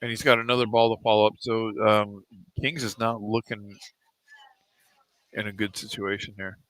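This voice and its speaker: A man's voice: on the low side, steady tone, normal speed, a bit bright. A man giving casual live commentary on a pool match in a pool hall, laid-back and chatty, drifting into rambling anecdotes with chuckles.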